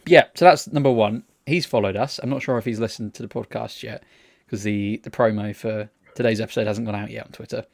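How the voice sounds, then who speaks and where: A man's voice: on the low side, fairly even intonation, fairly quick, creaky. A man co-hosting a casual podcast, telling rambling, sweary stories full of restarts. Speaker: podcast co-host. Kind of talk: casual chat.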